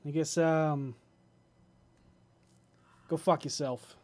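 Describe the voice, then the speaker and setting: Brief: man putting on a grating, nasal goblin ex-thief for a tabletop game, loud and foul-mouthed, pitched up. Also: fairly even intonation, extremely slow. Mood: crude, defiant. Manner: loud, swearing, blunt. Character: crude reformed male goblin thief.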